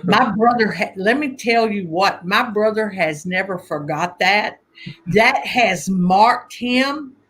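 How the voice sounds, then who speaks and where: A woman telling family stories in a casual conversation, animated and laughing often as she acts out voices. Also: medium pitch, slow, slightly rough. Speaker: guest conjure teacher.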